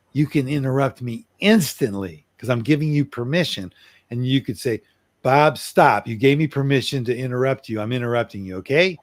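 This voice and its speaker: A middle-aged man coaching on communication, acting out an apology in an earnest way and slowing down for emphasis. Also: mid-range voice, a little mellow, no echo. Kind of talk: role-played apology demonstration.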